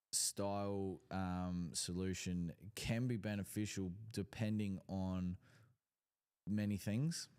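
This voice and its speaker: A man's voice: deep voice, a little mellow, clean tone. A man co-hosting a lawn care live stream, reading viewer questions and answering with frequent ums and restarts. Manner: hesitant, trails off with ums. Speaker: co-host of a lawn care show. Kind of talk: casual live-stream chat.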